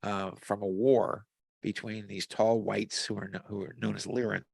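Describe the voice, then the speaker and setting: A man's voice: on the low side, level tone, normal speed, creaky, darkish tone, breathy edge, no echo. A man talking casually on a video call, rambling through long stories with many restarts and fillers. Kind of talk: casual conversational storytelling. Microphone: video call mic.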